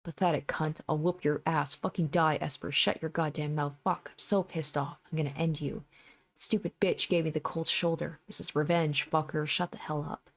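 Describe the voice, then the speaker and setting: A woman reading the hateful, profane thoughts of vicious young male thugs, with snarling threats in a low voice. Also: steady tone, moderate pace.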